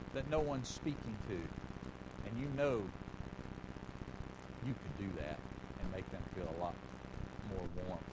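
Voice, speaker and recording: A male pastor preaching a sermon, swinging between loud emphatic lines and quiet, hushed asides. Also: high voice, noisy background.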